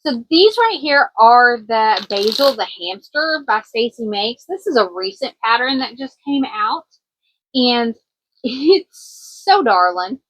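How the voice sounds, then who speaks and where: A slightly high, somewhat bright, slightly rough female voice swings widely in pitch and goes slowly, captured on a rough recording. She's a country-twanged Kentuckian running a small business, rambling through a casual craft show-and-tell vlog with frequent ums.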